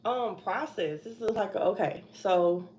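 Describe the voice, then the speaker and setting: A woman's voice: medium pitch, animated, a little slow, a little mellow, slight background noise. A young woman hosting a casual livestream from home, anxious and rambling, sighing and laughing nervously as she talks. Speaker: trucking vlogger.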